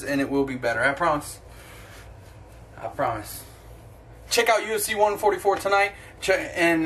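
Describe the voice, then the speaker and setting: A man's voice: a little high, a bit bright, a little hiss or hum. A young man hosting his own sports opinion vlog, talking in a blunt, profane, ranting way. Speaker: sports vlogger.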